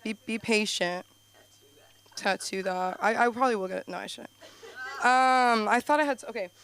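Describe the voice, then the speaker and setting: Young woman rambling through stand-up. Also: moderate pace. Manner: rambling, filler-heavy storytelling with frequent "like"; animated, jumps up in pitch for punchlines. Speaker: stand-up comedian. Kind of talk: open-mic stand-up set. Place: comedy club stage.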